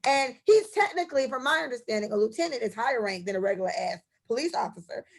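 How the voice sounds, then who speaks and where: A woman's voice: fairly high pitch, lively intonation, quick pace. A young woman co-hosting a casual podcast, telling stories in an impassioned, profane way. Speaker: podcast co-host.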